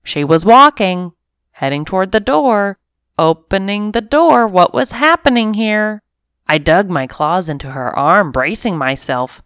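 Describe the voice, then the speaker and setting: A woman narrating a family pet storybook in an expressive, animated first-person reading. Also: mid-range voice, measured pace, smooth, no echo, clean studio sound. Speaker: story reader.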